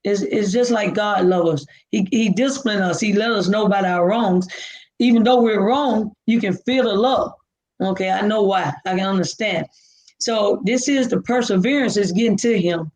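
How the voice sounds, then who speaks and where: A woman's voice: medium pitch, moderate pace, poor audio. A woman, a guest from Alabama telling a personal story and acting out the dialogue. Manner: animated, acts out dialogue.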